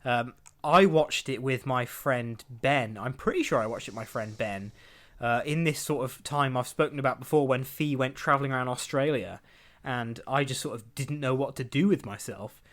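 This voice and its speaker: A young podcast host rambles chattily through entertainment news, laughing often and acting out quotes. His mid-range voice is a bit bright and moves at a moderate pace.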